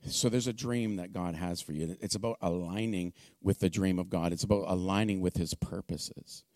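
A man preaching to a congregation, moving from joking, conversational asides to shouted, fervent proclamation. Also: low-pitched, fairly even intonation, normal speed, no echo. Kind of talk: sermon.

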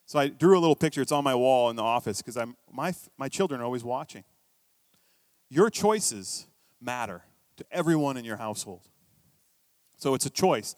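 Storytelling pastor with a dry close sound. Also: male voice, mid-range voice, animated, normal speed, long pauses, no echo. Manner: conversational storytelling preacher, swings between quiet asides and emphatic bursts. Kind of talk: sermon.

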